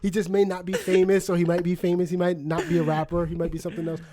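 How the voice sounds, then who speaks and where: A man co-hosting a podcast, telling a story in a casual, animated way with many fillers and laughs. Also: high-pitched, quick pace. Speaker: podcast co-host. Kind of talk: casual chat. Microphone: studio microphone.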